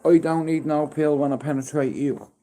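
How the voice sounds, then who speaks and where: A man in his fifties on a casual live stream, mixing coaxing sing-song baby talk and sudden loud calls with rambling, heartfelt chat. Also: a little high, fairly even intonation, normal speed, soft background music. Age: 50s.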